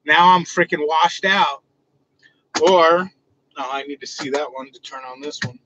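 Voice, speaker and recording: A man's voice: on the high side, a little slow, highs cut off, noisy background. A man hosting a casual livestream from inside his truck, joking loosely and answering his chat. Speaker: livestream host.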